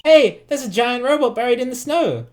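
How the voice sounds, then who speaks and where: Casting: woman playing a mischievous young video game heroine, bubbly and teasing, voice bouncing high. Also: lively intonation, normal speed, a little mellow, a little hiss or hum, close to an everyday voice. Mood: playful.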